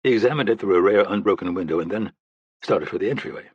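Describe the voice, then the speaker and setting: Low, husky male audiobook narrator. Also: fast talker, no echo, lo-fi sound. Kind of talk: scripted thriller narration.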